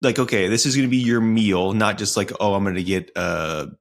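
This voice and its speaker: Laid back guy cohost, lowish voice, chatting about food. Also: fairly quick. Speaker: podcast co-host. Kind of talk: casual chat.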